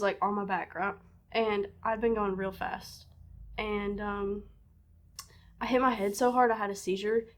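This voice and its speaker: A woman telling an embarrassing story in an easygoing, conversational way. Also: medium pitch. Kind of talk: casual storytelling.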